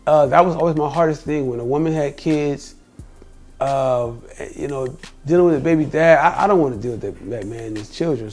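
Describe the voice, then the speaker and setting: Middle-aged man, casual vlog storyteller, repeats himself, slightly high-pitched. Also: a little mellow. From United States. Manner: rambling, repeats himself, quotes people in dialogue. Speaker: vlogger.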